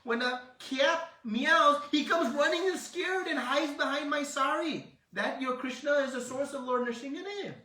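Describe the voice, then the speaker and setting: A man's voice: on the high side, wildly swooping pitch, a little slow, exaggerated voice. A man putting on a mocking village mother. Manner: mocking and sharp. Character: exasperated, dismissive village mother. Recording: roomy hall, distant mic.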